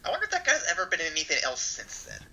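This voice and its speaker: A man co-hosting a casual podcast chat, talking quickly with an animated, lively pitch. His voice is bright and a little high, and he jokes and spins theories as he goes. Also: breathy edge, rough recording. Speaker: podcast co-host.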